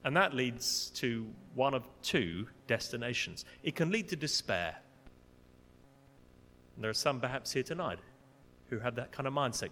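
Lively-voiced male preacher in a reverberant church. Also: medium pitch, moderate pace. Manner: expressive, rising to indignant emphasis. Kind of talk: sermon.

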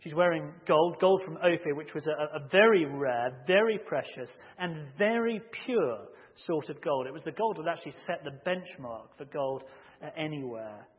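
A man preaching a sermon, measured and emphatic, rising to loud shouts when acting out a story. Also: on the high side, animated. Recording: muffled audio with long hall reverb.

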